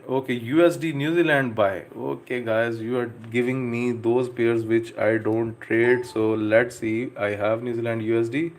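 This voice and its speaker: A young man hosting a live stream, talking casually and hesitantly with many fillers as he reads out chat messages and answers viewers. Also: mid-range voice. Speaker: live trading stream host.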